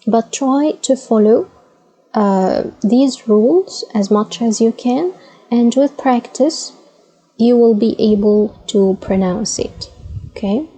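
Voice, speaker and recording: Slow, patient woman teaching letters. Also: medium pitch, dark tone, slightly rough, rough recording. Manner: patient, says "okay?" often, models sounds by repeating them. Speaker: Arabic teacher. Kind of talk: slow instructional explanation.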